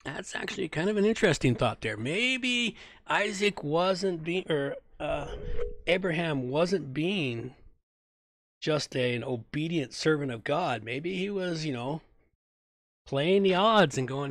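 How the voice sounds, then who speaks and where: A man with a somewhat high voice reads scripture slowly and deliberately, then breaks off into casual, wry commentary. He sometimes stumbles and goes back to fix a phrase. The sound is close and dry, with no room in it. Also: expressive, a bit bright, dry recording. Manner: wry, sarcastic asides between plain reading; stumbles and corrects himself while reading. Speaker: host reading scripture. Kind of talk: Bible reading with casual commentary.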